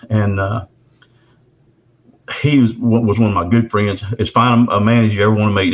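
An older man from the Texarkana area, telling a long story in a casual, folksy way and often repeating and restarting his words. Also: lowish voice. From Texarkana area, southern US. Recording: dull lo-fi recording.

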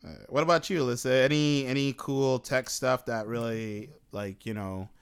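A man's voice: medium pitch, steady tone, normal speed, smooth. A man hosting a casual podcast chat, easygoing and asking questions.

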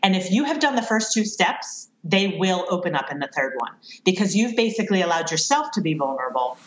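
A woman's voice: on the low side, sing-song, brisk. A woman in a conversation, earnestly explaining parenting strategies and laughing at her own mistakes. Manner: earnest, self-deprecating, laughs at herself. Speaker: parenting expert guest. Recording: roomy, dull lo-fi sound.

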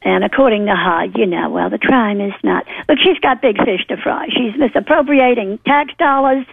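A woman's voice: fairly high pitch, moderate pace, vocal fry, dry recording. A woman from New Orleans calling in to a talk radio show, indignant and rambling with fillers. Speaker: caller. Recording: phone line.

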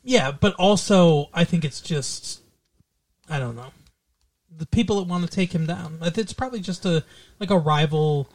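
A man's voice: a little high, normal speed. A man co-hosting a podcast, chatting casually about a movie, rambling and hedging as he goes. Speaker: podcast co-host. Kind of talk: casual movie review chat.

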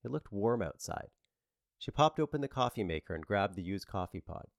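A man narrating a novel as an audiobook, with a wry, lively storytelling manner. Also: on the low side, brisk, creaky, dry recording, clean studio sound.

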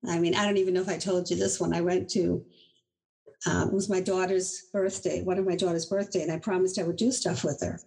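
A middle-aged woman from Boston, a guest telling travel stories. She talks in an animated, chatty way and laughs often as she goes. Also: lowish voice, brisk, creaky, low-quality recording. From Boston, USA. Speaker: inventor, guest. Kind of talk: casual interview storytelling.

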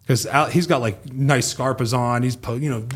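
A former pro football player in his thirties, appearing as a podcast guest, tells stories in casual conversation. He's animated, acts out what people said, and swears freely. His voice is medium-pitched at a moderate pace, with slight background noise.

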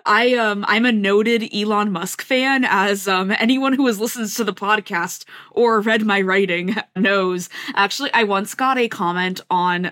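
A woman reporter on a podcast, chatting casually in a quick, sarcastic way with lots of "like". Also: medium pitch, fairly bright tone. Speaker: reporter guest. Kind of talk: casual chat.

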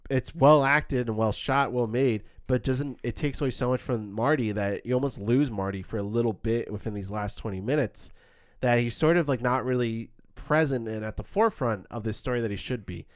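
A man casually reviewing a film as a podcast co-host, animated and acting out quoted lines. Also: medium pitch, normal speed, no room sound, studio quality.

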